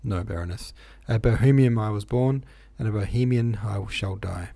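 A man's voice: fairly low pitch, normal speed, vocal fry, mellow, no echo. A man reading a novel aloud, voicing a charming, cool-mannered young officer.

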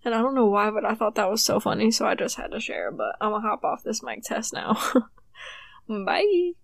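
A woman's voice: on the high side, steady tone, quick pace, gravelly, dry recording. A young woman rambling in a casual, giggly solo chat at her home mic, swearing casually and sounding hyper. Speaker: podcast host. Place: small room at home. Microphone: home desk mic.

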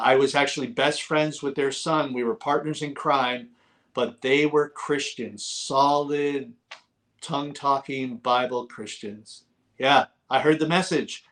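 A middle-aged man tells his testimony as an interview guest, his voice sitting a touch high for a man. He speaks with fervent, storytelling energy and sometimes breaks into shouts as he relives the moment. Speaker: guest, author. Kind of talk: testimony in a talk-show interview.

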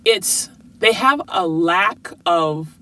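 A woman's voice: fairly low pitch, animated, drawn-out words, pushed and bright. A woman speaking as a parent, earnestly giving motivational advice to viewers and using rhetorical questions.

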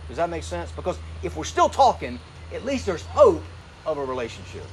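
A middle-aged man preaching a sermon in a conversational way, asking rhetorical questions and slowing down to read scripture. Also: on the high side, sing-song, a little hiss or hum. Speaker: pastor. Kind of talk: sermon to graduating seniors.

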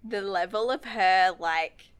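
A woman's voice: medium pitch, slow, clean tone. A woman co-hosting a podcast, chatty and reactive in casual chat about a TV episode. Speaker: podcast co-host.

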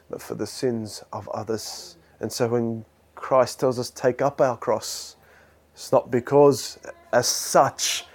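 A man preaching a sermon, swinging from loud, high exhortation to quiet, low intensity.

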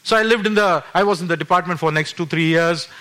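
A pastor in his fifties giving his testimony in a sermon, earnest and full of restarts, moving between loud emphatic peaks and hushed low passages. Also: fast. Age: 50s. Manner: earnest storytelling with frequent restarts.

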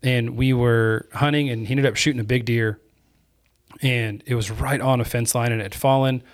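Male host with a middle-range voice, lively and conversational. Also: medium pitch, moderate pace. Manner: energetic, chatty storyteller. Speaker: podcast host. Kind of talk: casual storytelling chat.

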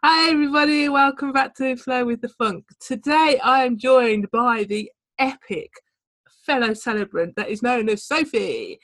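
A woman's voice: on the high side, no echo. Birmingham woman, podcast host, upbeat and talkative. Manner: lively, upbeat, chatty. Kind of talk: casual podcast interview.

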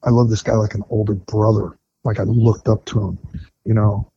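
A middle-aged man tells his story bluntly and candidly, in a mellow, warm voice. He stops and restarts his sentences often. The audio is dull and lo-fi, with a faint noise under it. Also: lowish voice, little pitch movement, moderate pace. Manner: blunt, frank storytelling with frequent fillers and restarts. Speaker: guest, retired firefighter. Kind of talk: candid personal recovery story in conversation.

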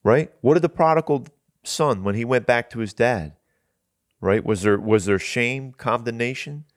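A man's voice: mid-range voice, moderate pace, no room sound, studio quality. A man hosting a Christian talk show, preaching in an earnest, conversational way and often repeating his first words as he starts a thought.

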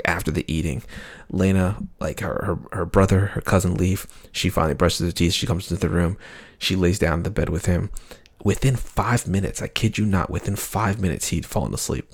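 A young adult man, a podcast co-host, telling a rambling family story in casual chat with many halting restarts. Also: low-pitched.

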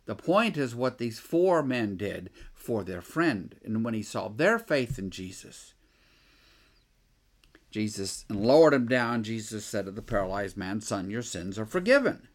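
A man's voice: fairly low pitch, sing-song, unhurried. A man preaching a sermon, thinking aloud, with rhetorical questions and frequent restarts. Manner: acts out the scribes' objections.

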